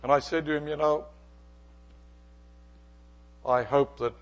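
A middle-aged man preaching a sermon from the pulpit. His voice sits a bit high for a man, and he tells a personal story with animation, acting out the conversation in it. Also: steady tone, slow pace, pauses often. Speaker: pastor.

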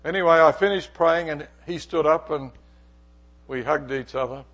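A man's voice: fairly high pitch, normal speed, fairly bright tone, dull audio. A middle-aged male pastor preaching, telling a personal story and acting out its dialogue. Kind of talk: sermon with storytelling.

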